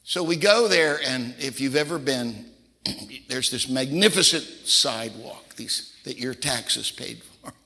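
A man's voice: medium pitch, lively intonation, unhurried, pushed and bright. An older man preaching a sermon, telling folksy personal stories and acting out the voices of the people in them. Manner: folksy storyteller, acts out quoted voices. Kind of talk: sermon storytelling. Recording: reverberant hall.

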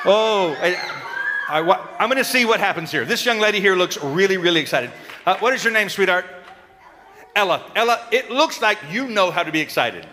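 A man giving a lively children's sermon, coaxing and calling out to the kids in a church. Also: high-pitched, brisk. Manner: animated, coaxing, calls out to the kids. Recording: long reverb in a large hall, faint crowd.

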